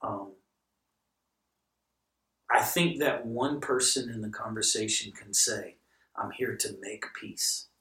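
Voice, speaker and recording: A middle-aged guest pastor with a fairly low voice tells stories on a podcast, speaking slowly and pausing often while animatedly acting out the dialogue. The recording sounds roomy, picked up by a distant mic.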